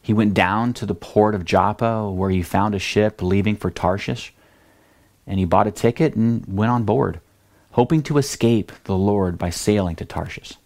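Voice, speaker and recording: A male pastor giving a sermon in a lively, conversational way, acting out the scenes he tells. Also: on the low side, normal speed.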